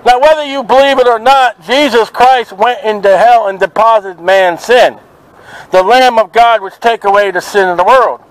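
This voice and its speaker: A man's voice: high voice, normal speed, low-quality recording. A man preaching fervently outdoors at a market, quoting scripture in an open-air sermon. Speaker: street preacher.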